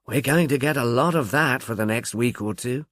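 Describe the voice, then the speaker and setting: A languid young gentleman, as a male narrator reads him drawls coolly and quizzically, a touch lower and quieter than the narration. The sound is dry and close. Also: normal speed, no room sound, lightly acted. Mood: sardonic.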